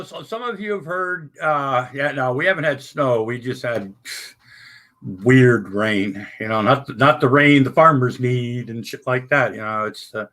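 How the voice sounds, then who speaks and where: A man chats to his livestream audience from his home, his voice bright and cutting. He rambles from thought to thought, addresses everyone as folks, and drops curse words without a second thought. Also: mid-range voice, moderate pace. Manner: rambling, loud bursts, swears casually, addresses "folks". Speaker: livestream host. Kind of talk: rambling livestream chat to viewers. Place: indoors at home.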